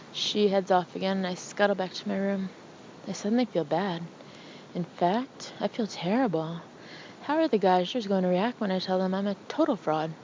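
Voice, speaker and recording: A woman narrating an audiobook in the first person, with an expressive, intimate, anxious delivery. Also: mid-range voice, muffled recording, slight background noise.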